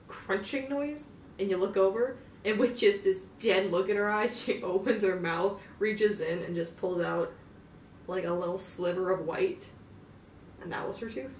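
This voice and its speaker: A woman's voice: fairly low pitch, a little slow. A young woman rambles through a casual in-character monologue, swearing freely and scattering filler words as she goes. She sits some distance from the mic in an echoey room, with a faint hum of ambience behind her. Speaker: fan roleplayer.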